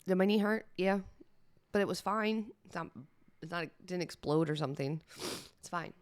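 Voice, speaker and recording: Female podcast host, lowish voice, candid and chatty, close dry sound. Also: moderate pace, dry recording. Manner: candid, emotional, chatty with fillers. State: teary-eyed. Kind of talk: personal solo podcast talk.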